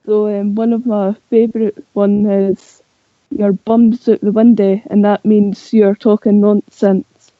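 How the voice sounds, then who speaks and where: A woman with a Scottish accent on a casual group livestream, soft-spoken and a little distracted. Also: medium pitch, flat delivery, measured pace, no echo. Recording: dry lo-fi voice call audio.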